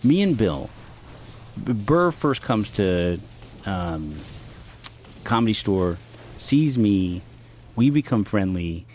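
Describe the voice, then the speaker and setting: Animated, profane man telling stories. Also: fairly low pitch, slow, pauses often, a little hiss or hum. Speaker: comedian guest. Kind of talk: casual podcast storytelling.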